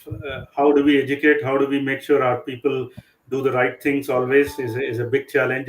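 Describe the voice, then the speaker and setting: Moderator man in an echoey room. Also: mid-range voice. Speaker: panel moderator. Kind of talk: panel moderation.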